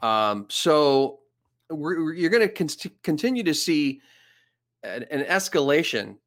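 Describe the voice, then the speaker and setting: A man talking in a casual podcast chat, halting and repeating words as he thinks. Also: fairly high pitch, very animated, a bit bright.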